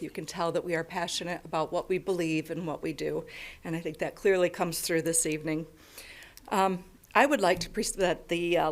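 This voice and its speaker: An American woman presenting a lifetime achievement award at a ceremony, friendly and coaxing in her manner. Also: on the low side. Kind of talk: ceremony speech.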